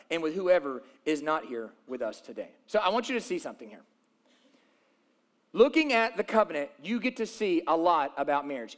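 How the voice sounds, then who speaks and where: A man preaching a sermon, reading scripture aloud and explaining it with emphatic repetition of key phrases. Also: sits high. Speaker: pastor.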